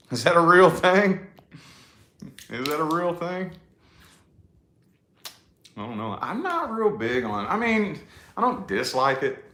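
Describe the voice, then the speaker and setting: Casting: chatty man, thirties, bright lively voice, rambling and cussing, echoey room. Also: mid-range voice. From New Albany, Indiana, USA. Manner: rambling and profane, drawn-out words. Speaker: vlogger chatting to a live audience. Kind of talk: casual live chat.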